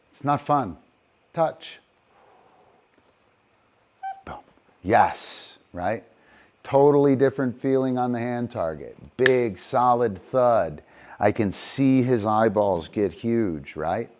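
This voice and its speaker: Teaching dogs live, a middle-aged trainer offers gentle praise before calmly laying out how each game works. His voice is medium-pitched, and he keeps moving toward and away from the mic.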